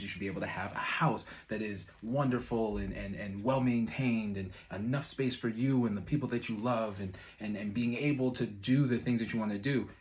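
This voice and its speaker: Low-voiced man giving a casual pep talk. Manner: loose and conversational, many fillers, brief chuckles. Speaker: manifestation coach. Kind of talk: casual motivational talk to camera.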